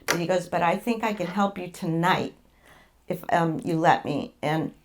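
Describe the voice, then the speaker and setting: A woman's voice: lowish voice, moderate pace, background noise. A middle-aged woman, telling her own story as a patient guest, rambling, repeating words and laughing as she goes. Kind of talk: candid personal storytelling.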